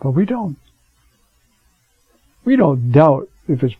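A man's voice: high voice, sing-song, a little slow, pauses often, slightly rough, dry recording, lo-fi sound. A man teaching a Bible class in a chatty way, asking rhetorical questions and dropping in fillers. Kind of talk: conversational scripture class.

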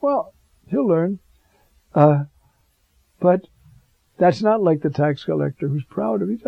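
A male priest giving a sermon in a fervent, animated way, chuckling now and then. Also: sits high, takes it slowly, vocal fry, pauses often, no echo. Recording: dull lo-fi dry recording.

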